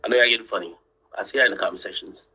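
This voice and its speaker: A streamer and commentator tells his viewers a story in casual chat, drawing on screen as he explains, insisting, repeating himself and swearing freely. His lowish voice is rapid-fire, bright and forceful with slight roughness, and the recording is rough.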